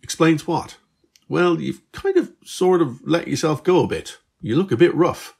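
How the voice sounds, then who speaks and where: A man's voice: expressive, unhurried, gravelly, a little mellow, husky, full character voice. A man voicing Liz, a bewildered Irish teenage girl who gets upset easily, in a raised, pleading voice. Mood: teasing. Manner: shocked, pleading, high-pitched.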